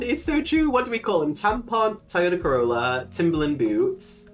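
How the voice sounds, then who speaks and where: A woman's voice: mid-range voice, animated, slow, faint music behind. A woman hosting a casual livestream, chatting freely, laughing often and swearing casually. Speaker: livestream host.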